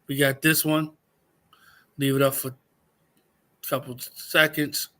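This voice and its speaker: A man's voice: medium pitch, flat delivery, unhurried, a bit bright. A man hosting a livestream, ranting angrily and profanely, repeating himself for emphasis. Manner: profane, heated, repeats phrases. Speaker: livestream host. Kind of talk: angry livestream rant.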